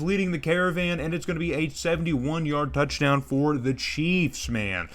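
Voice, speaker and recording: A man casually calling play-by-play over his own football video game, excitable, tripping over names and tacking "man" onto his lines. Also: fairly high pitch, fairly quick, hardly any pauses. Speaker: gaming YouTuber commentating his own franchise game.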